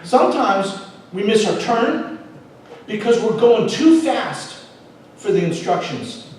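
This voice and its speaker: A male pastor preaching a sermon, telling a personal story with animated swings between loud emphasis and quiet asides. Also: sits high, takes it slowly, a little hiss or hum. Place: church auditorium. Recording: echoey hall, mic at a distance.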